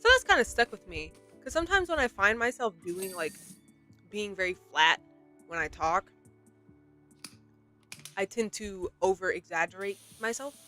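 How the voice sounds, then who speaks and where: A woman's voice: medium pitch, lively intonation, moderate pace, long pauses, bright, forceful tone, soft background music. A young woman chatting casually while playing a game, rambling and self-deprecating with many restarts. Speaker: gaming streamer.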